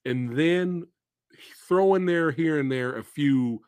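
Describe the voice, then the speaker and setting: A man's voice: a little high, takes it slowly, a little mellow, smooth, no room sound, studio quality. A man hosting a podcast, chatting casually about movies and ranting with exasperation and profanity. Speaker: podcast host.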